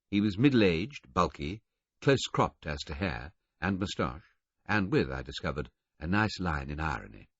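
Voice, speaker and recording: Low, husky male audiobook narrator. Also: sing-song, moderate pace, no room sound, muffled recording. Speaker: audiobook reader. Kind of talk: first-person novel narration.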